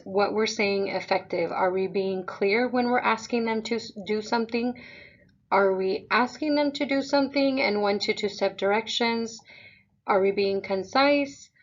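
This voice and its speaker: A woman presents a parent webinar for a school district, explaining things calmly and in a measured way. Her voice is medium-pitched and the sound is lo-fi.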